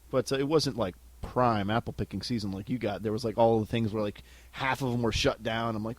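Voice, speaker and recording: A man's voice: medium pitch, fairly quick, a little hiss or hum. A man co-hosting a casual podcast on a headset mic, joking around and acting out the voices in his stories. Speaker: podcast co-host.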